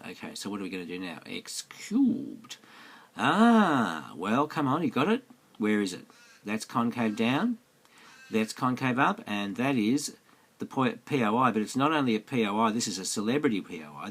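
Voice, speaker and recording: A man's voice: on the low side, husky. A man teaching maths in a screencast lesson, chatty and coaxing, throwing many questions at the viewer. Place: indoors, voice-over on a tablet screencast.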